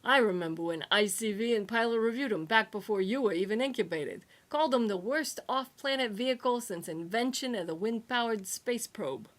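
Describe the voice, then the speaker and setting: A woman voicing a brash male salvage boss who talks loudly and blusters. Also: fairly high pitch, animated, moderate pace, hardly any pauses, close to an everyday voice.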